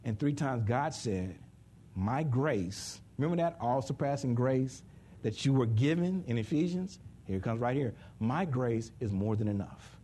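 A man preaching a sermon in an animated way, jumping from loud high bursts to hushed asides, with speech. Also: measured pace, slight background noise.

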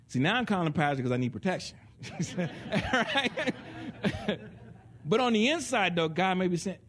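A man preaching a sermon in an animated way, acting out little voices and laughing along with his listeners. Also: sits high, normal speed. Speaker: pastor.

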